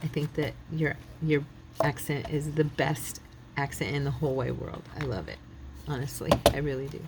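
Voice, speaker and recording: A woman's voice: low-pitched, fairly even intonation, normal speed, noisy background. A middle-aged woman hosting a craft channel, chatting casually and thinking aloud as she works, often laughing. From United States.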